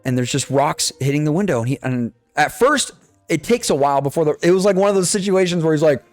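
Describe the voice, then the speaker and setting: A young man recounting a story in a loose, animated way, swearing a lot and playing every part of the dialogue himself. His voice sits a little high for a man, and there's faint music underneath. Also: fast talker, no echo. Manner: swears freely, animated retelling with quoted dialogue. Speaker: podcast co-host. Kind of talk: casual storytelling chat.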